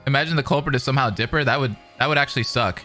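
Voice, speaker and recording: A man's voice: mid-range voice, racing, bright, forceful tone, faint music behind. A man giving casual reaction commentary on a fan game, laughing often and blurting out half-swallowed swears. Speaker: reaction video host.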